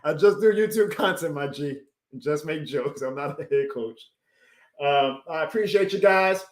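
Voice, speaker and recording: Heartfelt rambling streamer in an echoey room. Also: male voice, fairly high pitch, moderate pace. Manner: heartfelt, rambling, laughs often, reads chat aloud. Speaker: YouTube sports streamer. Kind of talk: casual live stream chat.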